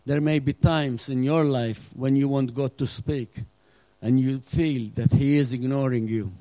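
A middle-aged male pastor preaching a sermon with earnest emphasis, now and then acting out scenes and dropping to a hush. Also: medium pitch, steady tone, measured pace, no echo, low-quality recording. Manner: earnest preaching with acted-out asides, drops to a hush.

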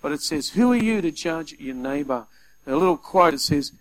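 Brief: male preacher, fairly high voice, animated sermon delivery with acted-out asides. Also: normal speed, low-quality recording. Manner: animated, acts out little scenes in quoted voices.

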